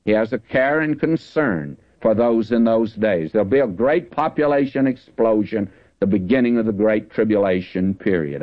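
A man teaching the Bible in a folksy, conversational sermon, slowing down to stress the verses he reads. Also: lowish voice. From Southern California. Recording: dull lo-fi radio broadcast.

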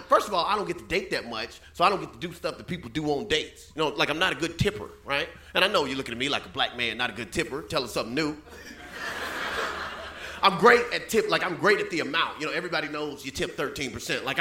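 A man's voice: high voice, pushed and bright. A man in his thirties performing a stand-up comedy set, chatting with the crowd and dropping frequent asides. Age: 30s. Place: comedy club stage. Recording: echoey club with background noise.

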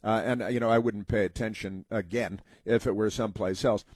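A man's voice: on the low side, fairly even intonation, fairly quick, a little mellow, dry recording. An American man hosting a political talk show, rambling with many fillers and mocking put-on voices. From United States. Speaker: talk radio host.

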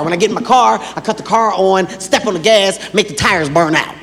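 A man's voice: sits high, brisk, a bit bright. A man doing stand-up comedy, brash and profane, acting out scenes. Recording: reverberant venue with crowd.

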